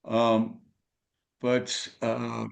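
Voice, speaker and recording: A man's voice: medium pitch, monotone, drawn-out words, vocal fry. An older man, a guest musician telling rambling stories in an interview, full of fillers and tag questions. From California, USA. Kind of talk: storytelling interview.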